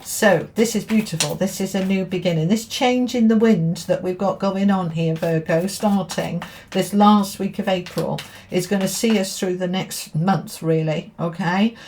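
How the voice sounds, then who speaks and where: A woman's voice: medium pitch, moderate pace, darkish tone, a little hiss or hum. A middle-aged woman giving a casual tarot reading to camera, chatting and checking in with her listeners as she goes. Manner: chatty, keeps checking in with "okay?" and "all right?". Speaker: tarot reader and spiritual teacher.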